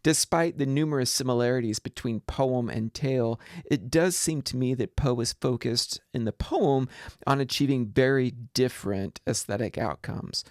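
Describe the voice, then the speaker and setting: A man lecturing on literature in a measured, deliberate way, reading verse aloud. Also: mid-range voice, a little mellow, no echo, studio quality. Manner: measured, deliberate delivery with poems read aloud. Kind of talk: recorded lecture.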